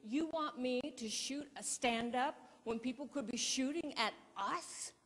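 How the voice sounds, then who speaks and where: A woman's voice: sits high, a little slow, fairly bright tone, husky, long reverb tail, voice pushed up, exaggerated voice. A woman voicing a grumpy, scared male news photographer who complains in a raised, exasperated voice.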